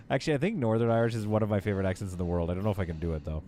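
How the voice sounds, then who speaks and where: A man's voice: fairly low pitch, rapid-fire, hardly any pauses, warm tone, a little hiss or hum. A man with a somewhat Canadian accent, chatting playfully through a live gameplay stream and answering his chat as he goes. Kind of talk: casual live gameplay commentary.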